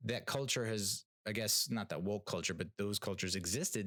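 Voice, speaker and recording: Male podcast host, low-pitched, rambling and blunt, dry close recording. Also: fairly bright tone, no echo. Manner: rambling, many fillers and restarts, blunt and profane. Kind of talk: casual solo rant and TV review.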